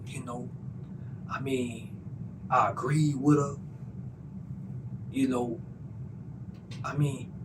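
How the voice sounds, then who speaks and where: A man's voice: mid-range voice, steady tone, drawn-out words, long pauses, noisy background. A man with a Southern US accent giving an earnest, emotional personal testimony, repeating himself as he tells his story. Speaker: testimony speaker.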